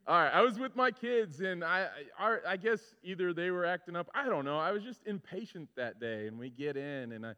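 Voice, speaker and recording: A male pastor preaching a sermon, telling stories with lively, animated delivery and acting out his own frustrations. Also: sits high, moderate pace, clean tone. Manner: animated storytelling, acts out his own complaints. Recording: muffled sound with long hall reverb.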